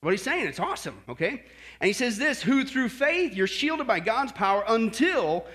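Speaking at normal speed in a very high-pitched voice, a pastor delivers an animated sermon. He keeps asking the congregation questions and adds warm little "okay?" remarks.

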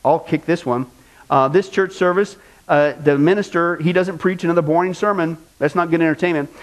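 A male pastor preaching an animated sermon, mocking things he disapproves of and doing quick impressions. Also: on the high side.

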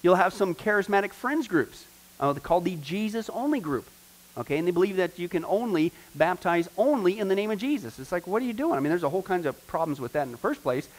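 A middle-aged man, a pastor, teaching a discipleship class in a lively, conversational way and asking the class questions. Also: high-pitched, fast talker.

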